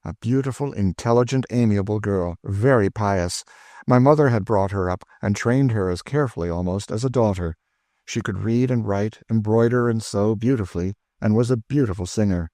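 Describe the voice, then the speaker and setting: Man playing earnest young gentleman, frank, slightly raised, dry. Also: fairly low pitch, moderate pace, dry recording, voice pushed up, lightly acted.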